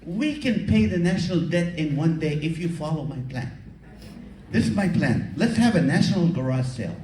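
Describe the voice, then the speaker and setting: A man's voice: on the high side, normal speed, slight background noise. A man performing a stand-up comedy set, acting out characters and chatting with the crowd. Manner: animated, acts out characters and crowd work. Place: comedy show venue with audience. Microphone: far camera recording from audience. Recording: echoey hall from far off.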